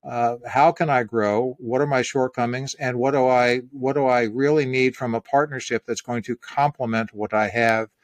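A man's voice: mid-range voice, steady tone, normal speed, few pauses, no echo. A middle-aged man hosting a casual conversation, telling stories in a reflective way with easy laughs.

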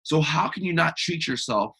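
A man with a slightly husky, breathy voice speaks as a guest in a conversational interview. He talks with energy and emphasis, pushing his motivational points hard. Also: a little high, lively intonation, moderate pace, sharp tone. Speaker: podcast guest, author.

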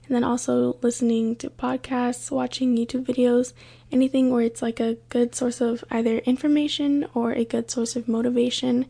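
A woman's voice: a little high, little pitch movement, normal speed, vocal fry, slightly rough. A young woman hosting a casual solo podcast, chatting and telling stories in a light, easygoing way close to the mic. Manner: light, chatty, says she talks softly on the podcast. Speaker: podcast host.

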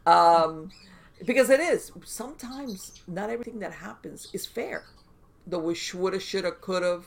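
A woman guest on a podcast, telling stories in a casual, animated way with lots of fillers and restarts. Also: lowish voice, moderate pace, vocal fry. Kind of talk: casual conversational storytelling.

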